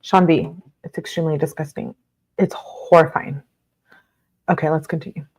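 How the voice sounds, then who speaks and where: A woman's voice: sits low, fairly even intonation, moderate pace, a little mellow, slightly rough. Outraged woman reading aloud live. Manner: reads aloud then reacts with blunt outrage, filler-heavy. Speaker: livestream host reading court documents. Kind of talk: casual live commentary.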